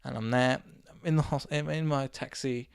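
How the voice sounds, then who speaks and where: A man from England, hosting a casual solo podcast and telling a rambling story while his voice is going hoarse. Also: medium pitch, normal speed, no echo, clean studio sound. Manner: rambling, animated anecdote with acted quotes. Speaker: podcast host.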